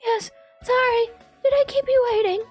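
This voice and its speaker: A woman voicing a quiet, delicate young male library pigeon ghost in a soft, gentle way, pitched far above her own voice. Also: fairly even intonation, normal speed, no room sound, soft background music. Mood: apologetic.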